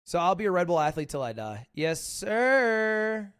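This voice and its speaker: A man hosting a livestream, chatting casually in a rambling, joking way with quick asides. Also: on the high side, expressive. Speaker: livestream host. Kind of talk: casual reaction-stream chat.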